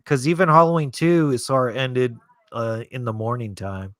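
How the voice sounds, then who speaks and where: A man's voice: medium pitch, steady tone, normal speed, no echo. A man hosting a live movie watch-along stream, chatting loosely and swearing freely while he answers his chat. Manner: rambling, profane, reads chat aloud.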